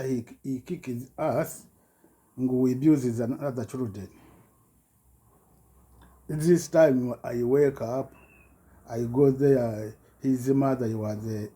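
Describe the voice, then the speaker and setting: A man giving a rambling personal account in halting broken English, full of restarts and repetitions, his voice jumping up when he gets agitated. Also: medium pitch, dark tone. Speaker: self-recorded complainant.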